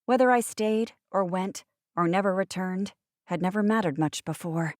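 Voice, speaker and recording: A woman's voice: mid-range voice, normal speed, darkish tone, dry recording. A woman narrating a first-person audiobook with wry, sardonic asides, recorded on a close studio mic.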